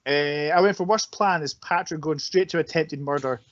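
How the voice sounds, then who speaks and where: A man's voice: on the high side, moderate pace, a bit bright, highs cut off. A Scottish man co-hosting a casual podcast, laid-back and chuckling between points. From Scotland. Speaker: podcast co-host. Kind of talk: casual chat.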